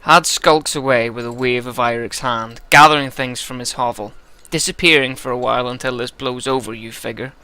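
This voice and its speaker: A man's voice: mid-range voice, steady tone, moderate pace, few pauses, pushed and bright, clear, resonant tone, no echo. A tipsy man narrating a story game, joking and rambling between lines. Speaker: let's-play narrator.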